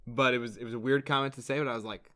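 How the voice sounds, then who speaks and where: A man's voice: medium pitch, steady tone, rapid-fire, pushed and bright. A young man co-hosting a podcast in casual chat, rambling with many fillers and restarts. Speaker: podcast co-host.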